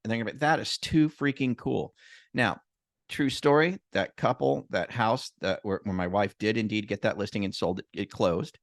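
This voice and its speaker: A man who works as a loan officer, telling a story in a casual, animated way and acting out what people said. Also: lowish voice, normal speed, dry recording, clean studio sound. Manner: animated storyteller, acts out quotes.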